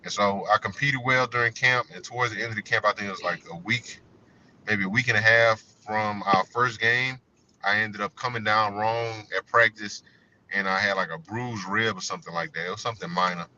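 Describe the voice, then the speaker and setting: A low-pitched man with a forceful, bright voice recounts his football past in a loose, conversational interview style. The audio is dull and lo-fi, with a faint hiss underneath. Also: steady tone, brisk. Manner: conversational, fills with "you know". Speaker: guest, former college running back. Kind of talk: interview storytelling.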